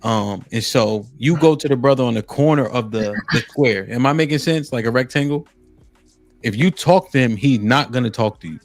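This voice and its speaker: A man with hosts a casual podcast chat. He explains at an easy, mid-pitched pace and keeps checking in with the listener. His voice is close and dry on the mic, with faint music under it. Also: moderate pace, no room sound. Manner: laid-back, explanatory, says "right?" often. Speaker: podcast host. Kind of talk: casual conversation.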